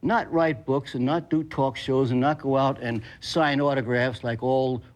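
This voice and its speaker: A man's voice: mid-range voice, steady tone, unhurried. An older man, an actor guest, telling stories in an interview in an emphatic, blunt, salty way. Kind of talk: emotional interview storytelling.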